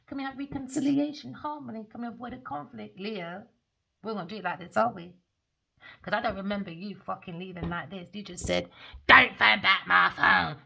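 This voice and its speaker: Sassy gravelly tarot reader woman. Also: mid-range voice, a little fast. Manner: theatrical, sassy, swears often. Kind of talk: casual tarot reading.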